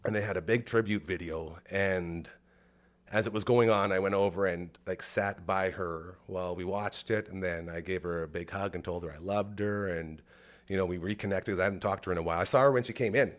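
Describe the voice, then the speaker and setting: Lower-voiced man telling a rambling story. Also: steady tone, fairly quick. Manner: rambling, emotional storytelling full of "like". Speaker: podcast host. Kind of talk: casual chat.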